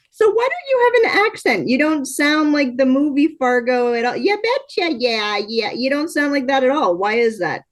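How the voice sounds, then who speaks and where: A woman's voice: high-pitched, animated, moderate pace. A Canadian woman hosting a casual interview, blunt and teasing with crude jokes. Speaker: host.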